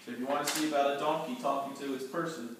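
Animated man teaching a Bible lesson. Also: medium pitch, rapid-fire. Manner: animated, acts out scenes, quizzes listeners. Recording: echoey room, distant mic, faint noise.

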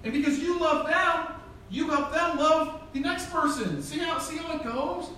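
A man's voice: very high voice, normal speed, bright, forceful tone, slight background noise. A middle-aged man preaching a sermon as pastor, telling a humorous story and acting out the dialogue. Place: church sanctuary. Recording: very echoey church hall from far off.

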